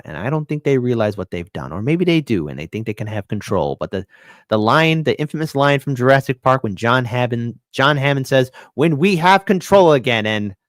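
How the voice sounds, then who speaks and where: A man's voice: mid-range voice, dry recording, clean studio sound. Earnest male commentary host. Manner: earnest, repeats phrases for emphasis. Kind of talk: casual solo commentary.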